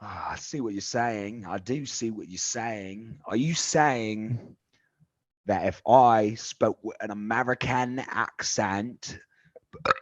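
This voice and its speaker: A man's voice: no echo, muffled recording. A man voicing a snooty English talent-show judge in a put-on British accent, prim and haughty. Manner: haughty, prim, lively pitch.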